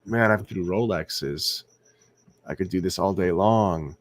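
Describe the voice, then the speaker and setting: A man's voice: low-pitched, slow pace, no echo, clean studio sound. A man hosting a casual late-night livestream, rambling, repeating words and asking viewers whether they agree. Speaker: livestream host. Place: indoors at home, night.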